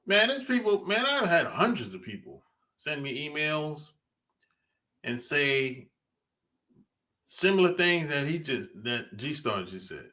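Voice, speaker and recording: A male podcast host talks slowly and easily, laughing and teasing as he goes. His voice sits on the high side and swings around a lot. The tone is bright and forward. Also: big pitch swings. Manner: laid-back, laughs often, teasing. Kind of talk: casual podcast talk.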